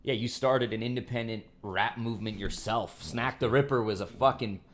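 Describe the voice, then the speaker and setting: A man's voice: medium pitch, moderate pace. A man co-hosting a podcast, talking loosely and with a lot of swearing while he praises his guest. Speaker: podcast co-host. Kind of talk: casual chat.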